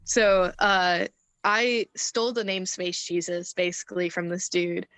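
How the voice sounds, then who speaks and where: A woman's voice: lowish voice, little pitch movement, measured pace, fairly bright tone, smooth. A young woman telling a story in an interview, chatty, laughing often and acting out quotes. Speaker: wrestler interview guest.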